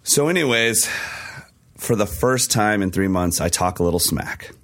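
A man with a hoarse, worn-out voice tells a story with excitement, laughing as he goes. His voice sits fairly low. It is a relaxed, casual podcast chat. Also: normal speed. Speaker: podcast co-host.

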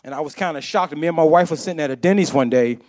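A man's voice: a little high, racing, a little mellow. A man giving an impassioned testimony to a church congregation, repeating phrases for emphasis. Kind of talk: sermon testimony.

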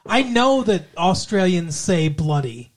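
A man's voice: sits high, very animated, slow pace. A man co-hosting a podcast, recapping a TV episode in sarcastic, profane, jokey chat. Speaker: podcast co-host.

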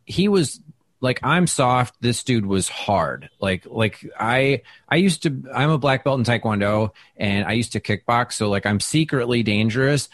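A man who does stand-up, telling stories in a casual interview, chatty and self-deprecating, with lots of fillers and restarts, and he acts out quoted lines with big jumps in pitch. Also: expressive, unhurried, no room sound. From Wisconsin. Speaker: stand-up comedian, guest. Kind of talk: casual interview talk, storytelling.

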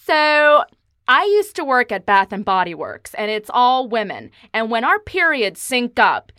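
A woman's voice: a little high, sing-song, a little slow, bright, forceful tone, clear, resonant tone, no echo, studio quality. A woman in casual chat who is wry and self-deprecating, and who drops Spanish words into her English.

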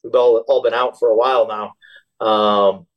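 Man, interview guest, casual, relaxed, hesitant. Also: on the low side, unhurried, muffled recording. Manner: relaxed, hesitant, repeats words while thinking. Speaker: podcast guest, former special operations soldier.

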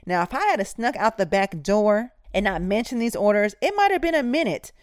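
A woman's voice: mid-range voice, sing-song, fairly quick, dry recording, studio quality. A woman nurse telling a workplace story and giving advice, speaking candidly and emphatically in a conversational way with slang.

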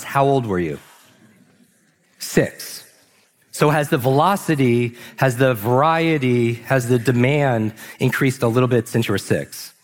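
A man giving an energetic motivational talk on a large stage, asking the audience questions and slowing down for emphasis. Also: mid-range voice. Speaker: speaker. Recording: long hall reverb.

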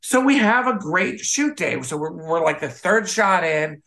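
A man's voice: sits high, measured pace, gravelly. A man from the Midwest, a photographer and author, telling stories casually as an interview guest and acting out the people he quotes. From Midwest United States. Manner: animated anecdote teller, acts out quoted voices.

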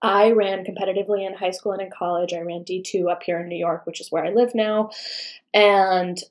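A woman's voice: medium pitch, fairly even intonation, fairly quick. A woman in her thirties, a running coach, talking as a podcast guest in casual chat and laughing often. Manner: warm-hearted, laughs often.

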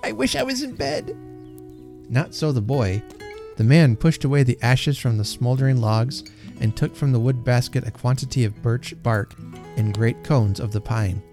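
Male storyteller, mellow and gentle, faint guitar under the reading. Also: medium pitch, normal speed. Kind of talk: reading a classic story aloud.

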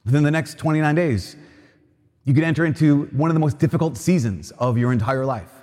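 A man's voice: a little high, fairly quick, darkish tone. A man giving a homily at Mass, earnest and conversational, often repeating himself as he builds a point. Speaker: priest. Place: cathedral. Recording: long reverb of a large church.

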